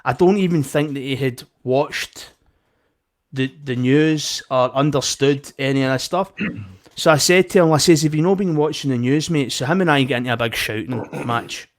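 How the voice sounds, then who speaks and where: A man's voice: mid-range voice, moderate pace. A young Scottish man telling a heated story in casual chat, swearing and acting out both sides of an argument. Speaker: podcast co-host.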